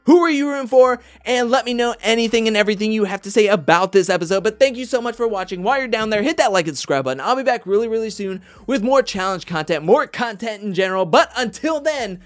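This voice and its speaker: A man hosting a casual recap of a reality competition show, chatty and animated, often quoting others in mock voices. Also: high-pitched, fast, few pauses, faint music behind.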